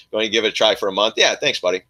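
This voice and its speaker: A man's voice: on the low side, expressive, quick pace, bright, forceful tone. A man hosting a casual live stream, rambling and laughing as he rants and chats with viewers.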